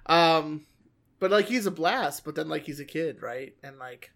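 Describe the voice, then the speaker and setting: A man in a casual chat, telling a story with jokes and animated asides. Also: fairly high pitch, unhurried, creaky.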